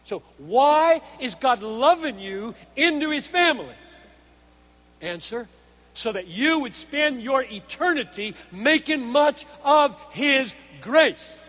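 High-voiced emphatic male preacher in a hall. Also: expressive, takes it slowly. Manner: earnest, emphatic, shifts between hushed and forceful. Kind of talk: sermon. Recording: hall reverb.

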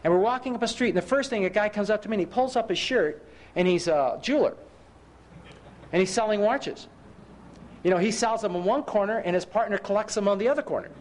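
A man's voice: sits high, fast talker. A middle-aged man preaching a sermon, telling personal stories with self-mocking humor and asking his listeners rhetorical questions.

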